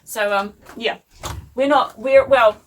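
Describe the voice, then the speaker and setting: A woman chats through a home vlog, animated and self-deprecating. Her voice sits fairly high. She is recorded on a phone a little away from her. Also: slow pace, recorded from a distance, a little hiss or hum. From New Zealand. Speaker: vlogger. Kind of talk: chatty home vlog storytelling. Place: home workspace.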